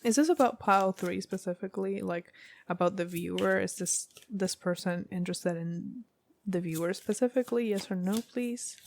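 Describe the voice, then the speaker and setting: A woman's voice: medium pitch, normal speed, a little mellow, a little hiss or hum. A woman giving a casual tarot reading to camera, rambling and thinking aloud with many fillers. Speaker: tarot reader.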